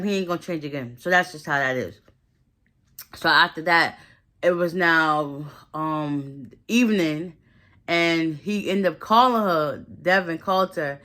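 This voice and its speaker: A woman with a fairly low, sharp, bright voice chats through a movie recap. She talks in loose, slangy run-ons and slips into quick impressions of each character's lines. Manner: chatty, slangy retelling that acts out the characters' lines.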